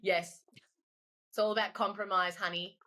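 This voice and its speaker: A woman's voice: medium pitch, flat delivery, moderate pace, bright, forceful tone. A woman with an Australian accent, a wedding photographer chatting as a podcast guest, joking and laughing often. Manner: laughs often, playful and jokey. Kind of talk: casual chat.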